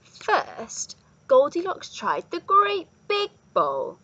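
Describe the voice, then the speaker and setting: Woman reading a kids story, bright gravelly voice, very lively. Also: medium pitch, takes it slowly, no room sound, rough recording. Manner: animated, expressive.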